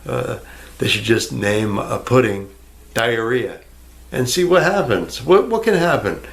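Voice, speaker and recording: A man's voice: mid-range voice, expressive, a little slow, vocal fry. A man ranting to the camera in a rambling, sarcastic way, swearing freely and answering an imagined viewer. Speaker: vlogger. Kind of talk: rambling casual rant to camera.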